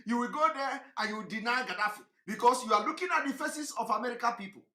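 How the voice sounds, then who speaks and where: A man lectures his listeners in an impassioned livestream, repeating phrases and firing rhetorical questions. His voice is forceful and bright, sometimes rising to a shout and then dropping low. The sound carries a roomy echo. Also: fast. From Nigeria. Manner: preachy, repetitive, rhetorical questions, swings between shouting and low tones. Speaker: online broadcaster.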